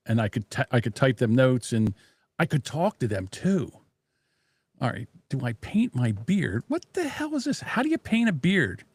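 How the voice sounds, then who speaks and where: A man hosting a casual live stream from his home desk, muttering to himself as he fiddles with the software and making blunt, profane jabs. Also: mid-range voice, slightly rough, no room sound. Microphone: desk microphone.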